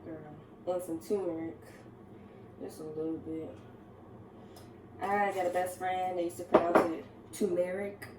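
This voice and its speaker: A woman's voice: fairly low pitch, level tone, unhurried, long pauses, very noisy. A woman chatting casually with her viewers while getting ready at home, laughing often and calling them "girl". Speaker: vlogger. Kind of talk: casual get-ready-with-me chat. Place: home kitchen, then upstairs.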